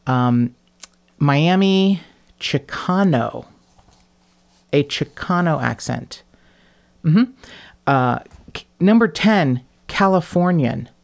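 A woman from the United States hosts a casual podcast chat. Her voice carries a gravelly fry, and she rambles in a self-mocking, joking way, with swearing here and there. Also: low-pitched, lively intonation, slow pace, long pauses, darkish tone. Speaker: podcast host.

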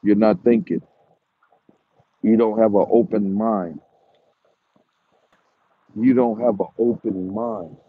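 A man's voice: fairly low pitch, fairly even intonation, slow pace, long pauses, husky. A man who breeds dogs, ranting at his viewers in a taunting, repetitive, mocking way with chuckles. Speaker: dog breeder. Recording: dull lo-fi recording.

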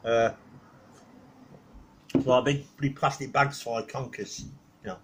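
A man's voice: mid-range voice, fairly even intonation, measured pace, a bit bright, husky. A middle-aged man, rambling casually through old memories on his vlog and laughing at his own stories. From northwest England. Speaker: vlogger.

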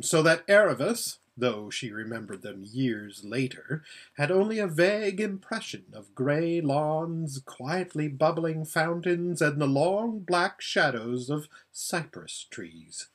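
A pastor reading a children's book aloud for a public library, gentle and unhurried. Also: male voice, a little high, slightly rough. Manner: gentle, with frequent "uh" fillers.

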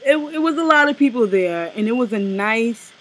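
A woman co-hosting a casual review chat, blunt and animated, with slang and profanity. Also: on the high side, normal speed, poor audio. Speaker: co-host reviewing a TV special.

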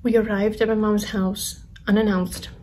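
A young woman vlogger telling a personal story in a soft, halting way that often sinks to a whisper. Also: mid-range voice, little pitch movement, a little hiss or hum.

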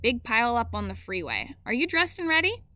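A woman's voice: on the high side, wildly swooping pitch, brisk, bright, forceful tone, no echo, heavily acted. A woman doing a frazzled, worried mom. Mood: hurried. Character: tired, worried mother of two, a nurse.

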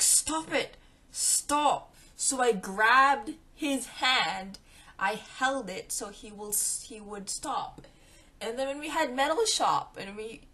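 A young woman vlogging a storytime, chatty and animated, acting out what her friends said. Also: mid-range voice. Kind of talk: storytime vlog.

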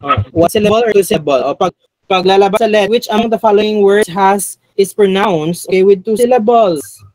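A man's voice: sits high, fairly quick, darkish tone, no room sound, poor audio. Filipino male teacher quizzing a class. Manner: quizzing a class, mixing in Tagalog. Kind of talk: classroom review lecture.

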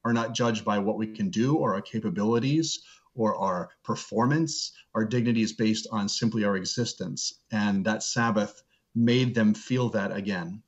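Man, middle-aged, low voice, muffled video call sound, earnest storytelling guest. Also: normal speed. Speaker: guest, seminary professor. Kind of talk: reflective interview storytelling. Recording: dull lo-fi video call audio.

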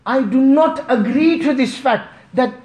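A man from Malawi delivering an emotional Friday sermon, impassioned and pleading, at times near shouting. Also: very high voice, a little slow. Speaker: preacher. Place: mosque. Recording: echoey mosque hall.

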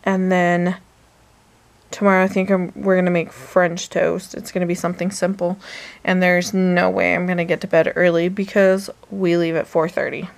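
A woman's voice: lowish voice, little pitch movement, moderate pace, vocal fry. A woman vlogging casually from her bed at night, rambling through a story and now and then dropping to a whisper. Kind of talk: casual bedtime vlog chat. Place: bedroom, in bed.

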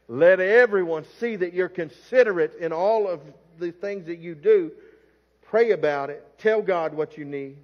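A middle-aged man preaching a sermon as pastor, swinging between loud calls and quiet asides. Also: fairly high pitch. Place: church sanctuary. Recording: dull lo-fi church recording with long reverb.

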